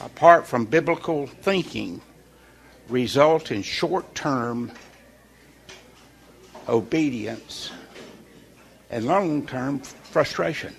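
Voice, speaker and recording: A man leading an informal morning devotional in a folksy, conversational way, pausing on purpose for emphasis. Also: mid-range voice, animated, gravelly. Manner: folksy and conversational, with deliberate pauses. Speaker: devotional leader.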